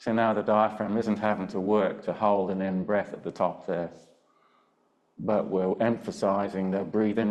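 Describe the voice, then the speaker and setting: An older man teaching a Pilates class over a video call, giving gentle step-by-step breathing and movement cues and checking in often. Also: lowish voice, normal speed, dull audio. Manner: calm, gentle cueing with frequent check-ins. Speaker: Pilates instructor. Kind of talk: live online class instruction.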